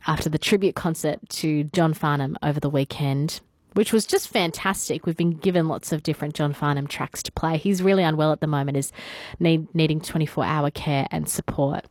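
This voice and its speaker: A woman's voice: low voice, moderate pace, a little mellow, dry recording. A woman with an Australian accent hosting morning talkback radio in a studio, chatty as she reads out listener messages. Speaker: radio host.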